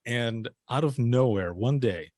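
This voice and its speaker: A man's voice: medium pitch, measured pace, darkish tone, no room sound, clean studio sound. A man telling a personal story in a casual interview, acting out the dialogue he quotes. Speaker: podcast guest, former dispatcher.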